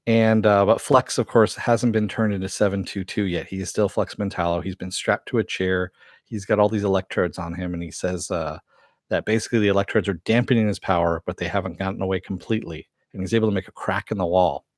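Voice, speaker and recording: Male reviewer, lower register, loose chatty recap with filler words, dry close mic. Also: dry recording. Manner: rambling with many fillers and quoted lines. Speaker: TV episode reviewer. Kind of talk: casual recap narration.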